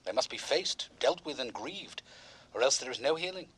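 Husky, calm radio psychologist. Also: male voice, medium pitch. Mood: earnest. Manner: measured, earnest. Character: calm, authoritative male psychologist.

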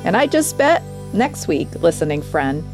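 A woman's voice: on the low side, very animated, normal speed, loud music behind the voice. Encouraging woman on a devotional show. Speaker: radio program co-presenter. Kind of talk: scripted devotional talk.

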